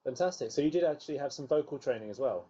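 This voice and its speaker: A man's voice: medium pitch, animated, racing, dark tone, husky, lo-fi sound. A man hosting a podcast, asking the guest short encouraging follow-up questions. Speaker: podcast host. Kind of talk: interviewing a guest.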